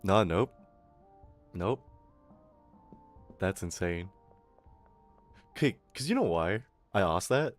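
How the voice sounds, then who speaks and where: A man's voice: low-pitched, lively intonation, slow pace, pauses often, faint music behind. A young Australian man chatting casually on a livestream, rambling, swearing and laughing often, his throat a little irritated. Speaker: VTuber streamer.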